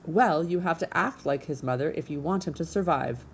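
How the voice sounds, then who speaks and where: A woman voicing a bossy old female goose who scolds briskly and sharply in a storybook reading. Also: low-pitched, slight background noise. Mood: scolding.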